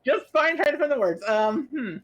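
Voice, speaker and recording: A man chatting as a player in a tabletop game, pausing often to search for words. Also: very high voice, animated, fairly bright tone, lo-fi sound.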